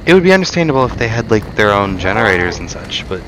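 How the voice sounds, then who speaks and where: Deep-voiced joking gameplay streamer. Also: male voice, big pitch swings, fast, a bit bright, a little hiss or hum, low-quality recording. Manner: joking, exclaiming, chatty. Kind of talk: let's play commentary.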